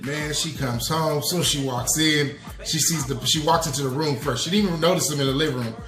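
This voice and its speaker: A man tells a long personal confession on his podcast, talking in loose street slang and turning to the listeners with "y'all". His voice sits a bit high for a man. The room is echoey, with faint music underneath. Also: brisk, fairly bright tone. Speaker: podcast host. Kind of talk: storytelling confession.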